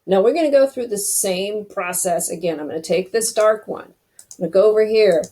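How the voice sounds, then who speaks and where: A woman's voice: medium pitch, brisk, mellow. A woman hosting a casual screen-recorded web design tutorial, chatty and thinking aloud as she clicks through each step.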